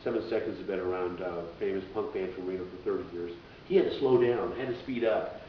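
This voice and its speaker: A man, a radio DJ and musician, telling stories in a rambling, casual way as an interview guest. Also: fast. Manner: rambling, acts out voices in quotes. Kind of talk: casual conversational storytelling. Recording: echoey, dull, distant with low rumble.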